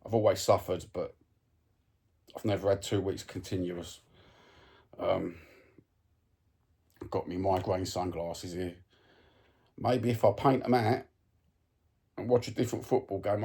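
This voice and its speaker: Cockney bloke moaning about football into his phone, low dark husky voice, lots of ums. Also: unhurried, long pauses. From East London, England. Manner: blunt, sweary, exasperated, lots of ums. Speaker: football fan vlogger. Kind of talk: casual ranting monologue to camera.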